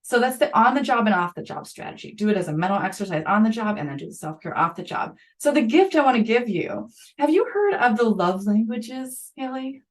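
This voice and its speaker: A middle-aged woman, a school psychologist, talking on a podcast interview in a lively, conversational way with quick asides. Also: a little high.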